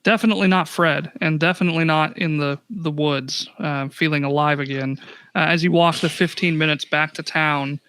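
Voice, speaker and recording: A man narrates a tabletop game in a loose, rambling way, filling the gaps with likes and ums and swearing freely. His voice is high-pitched and bright. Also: fairly even intonation, normal speed, smooth. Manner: rambling, profane, full of fillers. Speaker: game master.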